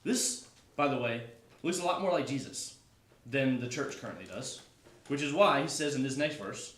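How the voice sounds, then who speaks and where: A man's voice: medium pitch, expressive, normal speed, long pauses, a bit bright. Male Bible teacher, chatty and loose, heard from a distance in a roomy classroom. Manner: casual, chatty, self-correcting.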